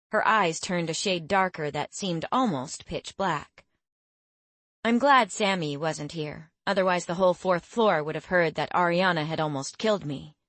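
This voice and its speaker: Woman reading a fantasy audiobook in first person, lowish voice, dry close sound. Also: moderate pace, fairly bright tone, dry recording. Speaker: audiobook narrator.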